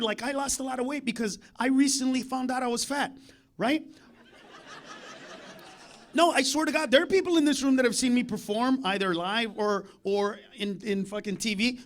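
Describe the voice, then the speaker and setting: Ranting, profane stand-up comic man. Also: extremely high pitch. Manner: profane, ranting, loud bursts. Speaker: stand-up comedian. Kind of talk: stand-up comedy set. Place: comedy club stage.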